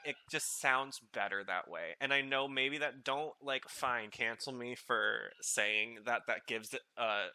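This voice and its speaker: Guy with a really bright sharp voice rambling along while watching a show, lots of likes. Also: mid-range voice. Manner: rambling, filler-heavy, excitable reactions. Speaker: podcast host. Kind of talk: casual watch-along commentary.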